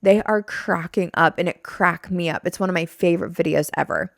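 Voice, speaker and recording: Fairly quick and marked by vocal fry, her voice is on the low side yet fairly bright in tone. She's a young woman hosting a solo podcast, chatting loosely, putting herself down, and sometimes swearing. The dry, clean studio recording comes from a stand-mounted mic.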